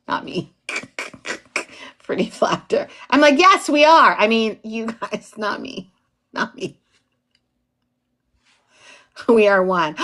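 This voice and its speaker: Speaking in a mid-range, slightly bright voice, a tired woman in her 40s who works as an instructor talks casually with her livestream chat, addressing viewers by name, being goofy, and laughing a lot.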